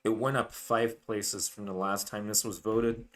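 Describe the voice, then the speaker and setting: A man's voice: lowish voice, flat delivery, measured pace, fairly bright tone. A man hosting his channel, rambling through a casual, unscripted monologue full of swearing and fillers. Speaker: channel host.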